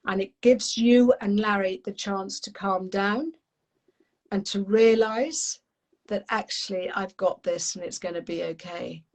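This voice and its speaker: A woman, a parenting coach, explaining calmly in an animated, friendly conversational way. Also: medium pitch, a little slow, rough recording. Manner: animated, acts out little voices, friendly teaching tone.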